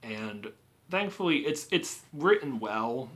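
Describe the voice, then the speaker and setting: A man's voice: medium pitch, animated, slow pace, fairly bright tone. A man giving a casual, rambling spoken movie review, with frequent filler words and restarts. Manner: rambling, full of "you know" and "like". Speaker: film reviewer.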